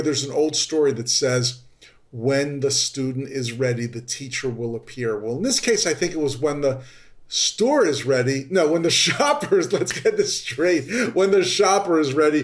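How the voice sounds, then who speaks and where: Into a podcast microphone, a male host delivers an animated storytelling monologue. When he acts out his exasperation, his pitch jumps high.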